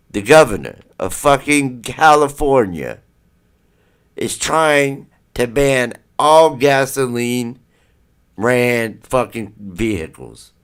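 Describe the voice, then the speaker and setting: A man's voice: mid-range voice, clean tone. A man hosting a live stream, ranting heatedly and profanely in a rambling way. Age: adult parent. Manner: rambling with restarts. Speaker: livestream host.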